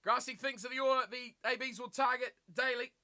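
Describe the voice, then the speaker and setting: A man commentating live on a rugby match for his stream, animated and full of rhetorical questions, reading viewer chat aloud and answering it. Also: extremely high pitch, moderate pace.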